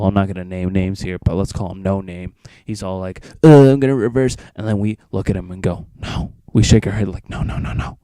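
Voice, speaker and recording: Teen vlogger, low mellow voice, rambling profane storyteller, dry close sound. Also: male voice, no echo. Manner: rambling, profane, acts out friends' lines. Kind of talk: casual storytelling.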